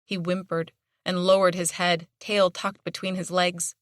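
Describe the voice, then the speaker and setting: A woman narrating an audiobook in a measured, storytelling manner. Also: on the low side, little pitch movement, no room sound, studio quality. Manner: measured storytelling with dramatic tension. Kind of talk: scripted narration.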